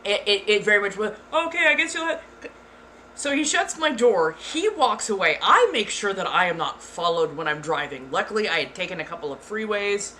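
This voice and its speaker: Bright-voiced woman telling a casual story. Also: mid-range voice, fairly quick, few pauses, a little hiss or hum. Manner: animated, swears freely, exclaims. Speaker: ASMR channel host.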